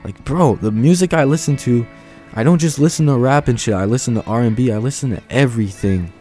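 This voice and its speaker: An actor playing a laid-back young amateur musician, telling a rambling, slangy, off-script story to the camera. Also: male voice, mid-range voice, fairly quick, warm tone, faint music behind, close to an everyday voice. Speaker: aspiring musician.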